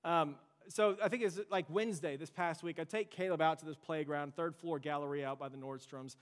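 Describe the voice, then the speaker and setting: A man's voice: fairly high pitch, fairly even intonation, brisk, clean tone. A young adult man preaching a sermon as pastor, earnest and conversational, mixing storytelling asides into his message. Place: church sanctuary. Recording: long church hall reverb.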